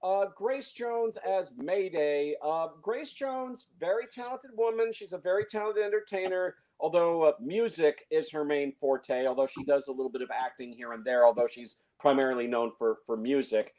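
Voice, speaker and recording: A man with a somewhat high voice talks through a film review in loose, conversational chat. He is opinionated and stumbles often, repeating words and restarting his sentences. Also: a little mellow. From San Francisco Bay Area. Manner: halting, many restarts and fillers, opinionated.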